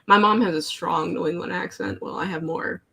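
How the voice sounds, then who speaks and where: Woman from Canada, husky voice, lowish pitch, rambling casual chat. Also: brisk, pushed and bright. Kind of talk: casual group chat on a call.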